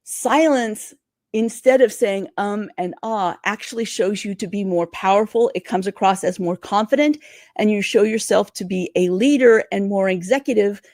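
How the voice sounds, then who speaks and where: A woman career coach giving interview tips in a livestream, talking fast and excitedly. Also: mid-range voice, no room sound, clean studio sound. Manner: energetic, talks fast and excitedly.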